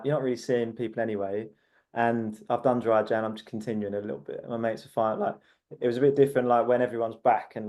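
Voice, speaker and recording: A man's voice: medium pitch, dark tone. A man in his thirties, a podcast guest, talking candidly in a rambling way full of "like" fillers. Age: 30s. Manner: rambling, heavy use of "like" fillers. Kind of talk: candid casual conversation.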